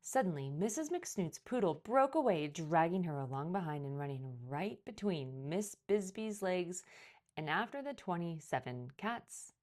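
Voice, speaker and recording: Woman, storybook read-aloud, lively swooping pitch, lowish voice. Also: a little slow. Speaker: children's librarian reading aloud. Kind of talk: picture book read-aloud.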